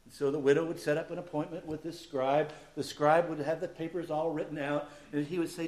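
Animated preacher, slightly high male voice. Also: brisk, few pauses. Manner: animated preaching, swings from hushed to loud emphatic outbursts. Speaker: pastor. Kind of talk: sermon.

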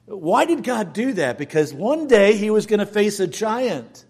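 A male preacher telling a Bible story in a sermon, with dramatic storytelling and big swings in loudness. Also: sits high.

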